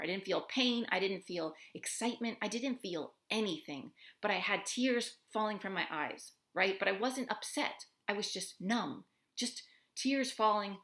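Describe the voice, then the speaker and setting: A young woman from the United States speaks earnestly and emotionally to her camera, peppering her talk with "like". Her voice is bright and forward. The room around her rings with a noticeable echo. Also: medium pitch. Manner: earnest, emotional, heavy use of "like". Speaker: expat vlogger. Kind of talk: personal monologue to camera.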